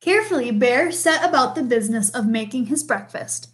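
A woman reading a picture book aloud with a slow, expressive storytelling delivery. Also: on the high side, slight background noise. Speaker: storybook reader.

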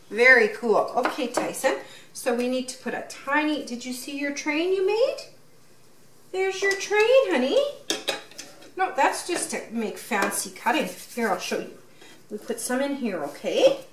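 Unhurried and very animated, a woman with a high voice records a play and unboxing vlog with her small child, cheering him on and asking question after question in a sing-song tone. There's background noise, and the sound is roomy from mic distance.

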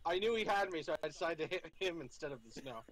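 A man's voice: fairly high pitch, animated, quick pace. A man playing and commenting in a game, teasing the others with crude jokes. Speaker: player and co-commentator. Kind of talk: joking game banter.

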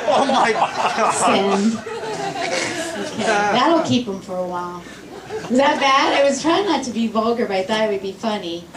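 A woman's voice: medium pitch, expressive, measured pace, pauses often. A woman doing a stand-up comedy set in a club, sarcastic and irritated, with a playful edge. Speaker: stand-up comic. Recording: roomy club sound from far off, loud laughing crowd.

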